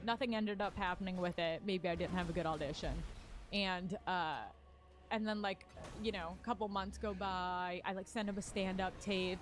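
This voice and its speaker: A woman's voice: on the low side, steady tone, normal speed, slight background noise. A woman comedian telling a candid personal story in casual talk, rambling with many fillers and some swearing. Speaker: stand-up comedian.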